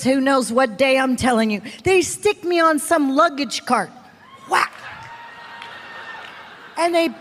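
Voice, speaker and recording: A woman preacher telling her testimony in a dramatic storytelling manner, acting out other people's voices and swinging from shouts to whispers. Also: high-pitched. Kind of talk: testimony sermon. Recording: long hall reverb. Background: audience.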